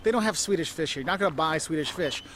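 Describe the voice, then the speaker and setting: A man's voice: fairly high pitch, animated, fast, fairly bright tone, a little hiss or hum. A man giving travel tips to camera outdoors in a city, talking in a chatty, direct way with laughs and asides. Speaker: travel vlogger.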